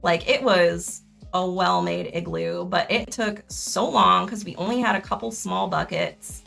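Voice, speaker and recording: A woman's voice: lowish voice, very animated, measured pace, gravelly, a bit bright, soft background music. A young woman streaming a crafting session in casual chat, rambling, correcting herself and laughing often.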